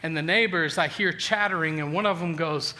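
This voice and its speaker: A man in his forties preaching a sermon, telling a funny personal story with lively self-deprecating humor and frequent restarts. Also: a little high, a little fast. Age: 40s. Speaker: pastor.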